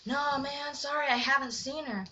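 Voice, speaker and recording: A woman's voice: sits high, normal speed, sharp tone, slight background noise. A woman voicing a laid-back, drawling stoner man. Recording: muffled lo-fi recording.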